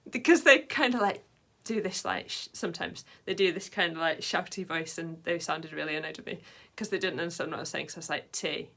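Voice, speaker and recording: Rambling woman, lowish voice. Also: fairly even intonation, fast talker, vocal fry, hardly any pauses, a bit bright. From Britain. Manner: rambling, goes off on tangents, many "like" fillers. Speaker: vlogger. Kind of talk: casual chat to camera.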